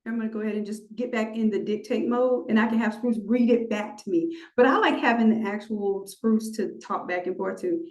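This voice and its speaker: A woman instructor teaching a live online design class, animated and playful, talking straight to her viewers. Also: medium pitch, brisk, few pauses. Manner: animated, playful, talks to the audience. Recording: roomy echo.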